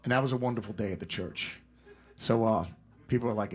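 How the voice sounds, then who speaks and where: Husky-voiced man telling rambling stories. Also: fairly low pitch, quick pace. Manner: rambling anecdotes with laughs and impressions. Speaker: guest musician. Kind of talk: casual interview storytelling.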